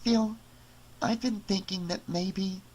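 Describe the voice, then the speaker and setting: A man voicing a young wife who speaks softly and teases her husband gently. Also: high voice, fairly even intonation, slow pace, husky, voice pushed up, full character voice. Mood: affectionate. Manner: soft, raised, gently teasing. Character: warm young wife, crafty and affectionate.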